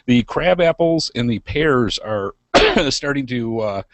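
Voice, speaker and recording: A man co-hosts a podcast in an easygoing, rambling way, pausing often on fillers. His voice is stuffy and nasal from congestion. The sound is dry and close, with no room echo. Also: mid-range voice. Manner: relaxed and rambling, with many fillers. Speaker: podcast co-host. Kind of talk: casual podcast chat.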